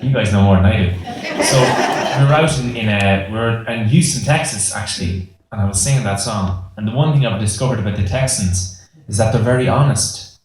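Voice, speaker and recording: A man's voice: fairly low pitch, brisk, heavy background noise. A young Irish man, a singer, chatting and telling jokey stories to a live concert audience in a self-mocking way. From Ireland. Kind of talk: on-stage storytelling banter. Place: concert hall on stage. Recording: live hall echo, music behind.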